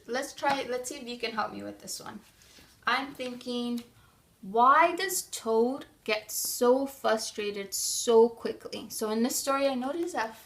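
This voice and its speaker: A woman teacher reading a picture book aloud to children and thinking aloud through why questions in a gentle, guiding way. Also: on the high side. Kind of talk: classroom read-aloud and lesson.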